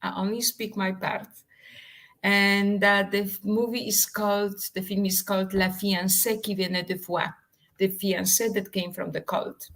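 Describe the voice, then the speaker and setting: Woman guest, dramatic storyteller, slightly non-native English, mid-pitched. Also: little pitch movement, unhurried, fairly bright tone, slight background noise, poor audio. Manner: dramatic storyteller, emphatic and theatrical. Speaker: author and actress, guest. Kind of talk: animated anecdote in a live interview.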